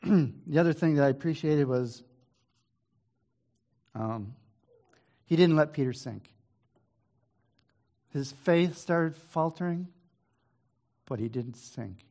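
A man leading an informal Bible study reads scripture aloud, then discusses it in a plain, conversational way, with hesitant restarts and an occasional throat clear. His mid-range voice is a little mellow, slow, and broken by frequent pauses.

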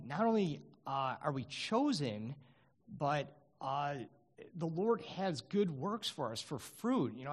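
Earnest halting male lay preacher. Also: mid-range voice. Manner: halting, many fillers and restarts; earnest, grows animated. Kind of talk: informal sermon.

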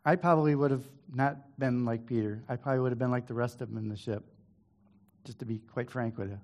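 A man leading an informal Bible study, reading scripture aloud and then talking it over in a plain conversational way, with hesitant restarts and the odd throat clearing. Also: medium pitch, steady tone, fast talker, a little mellow. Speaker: Bible teacher.

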